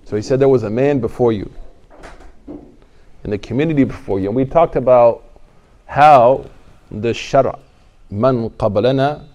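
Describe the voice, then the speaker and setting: A man's voice: mid-range voice, normal speed, pauses often, dark tone, muffled recording. A man giving a casual lecture as a religious studies teacher, joking and conversational, at times rising into emphatic exhortation.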